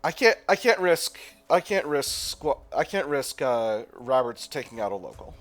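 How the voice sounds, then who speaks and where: A gaming channel host narrates a let's play, reading the game's text aloud and thinking out loud with hesitant restarts. His mid-range voice runs a little fast with hardly any pauses, and faint music plays behind him.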